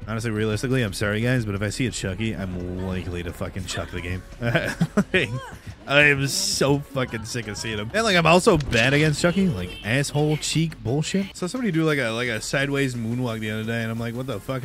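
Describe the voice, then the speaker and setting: A man streaming a horror game, reacting with loud, profane outbursts as he plays. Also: mid-range voice, animated, fast. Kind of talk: live gameplay commentary. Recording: game music underneath.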